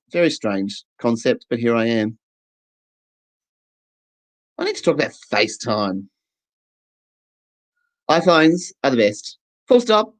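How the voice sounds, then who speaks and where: A man's voice: on the high side, rough recording. A man doing a stand-up comedy set to camera, chatty and playful, acting out little scenes.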